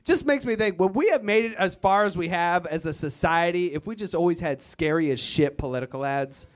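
A man's voice: high-pitched, fairly quick. A man from Virginia doing a stand-up comedy set on a club stage, mocking the voices of the people he describes. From Virginia, USA. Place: comedy club stage before a live audience.

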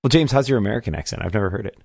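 A man co-hosting a podcast, chatting in an animated way with quick, laughing asides and a gravelly voice. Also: on the low side, no echo, clean studio sound. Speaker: podcast co-host. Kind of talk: casual chat.

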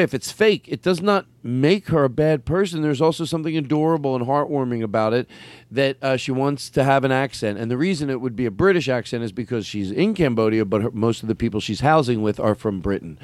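A man hosting a casual chat, rambling and animated, with many restarts. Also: medium pitch, quick pace, no echo.

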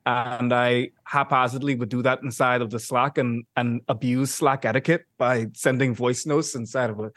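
A man in a casual podcast conversation, talking in an animated way with many "like" fillers and easy laughter. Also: mid-range voice, normal speed, few pauses, dry recording, studio quality. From Bahamas. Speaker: podcast guest, YouTuber.

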